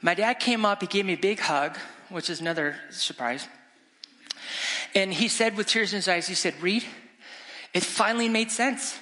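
A middle-aged man, a guest evangelist, preaching an animated, exclamatory storytelling sermon in a church sanctuary. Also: sits high, moderate pace. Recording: long church reverb.

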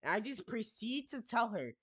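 A young man co-hosting a podcast rambles through a casual story, full of fillers and restarts. His voice sits high with big pitch swings, at a normal speed and a bit bright.

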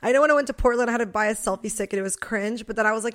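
A woman's voice: on the high side, racing. A young woman co-hosting a podcast, chatting casually and rambling with lots of "like" fillers. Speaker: podcast co-host.

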